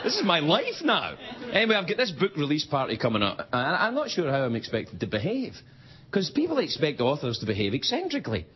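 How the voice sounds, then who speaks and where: A man's voice: a little high, wildly swooping pitch, brisk, some chatter behind. A man, a late-night talk show host, delivering a jokey stand-up monologue and acting out voices in the quotes. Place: television studio with live audience. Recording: dull broadcast audio with loud audience. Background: audience laughter.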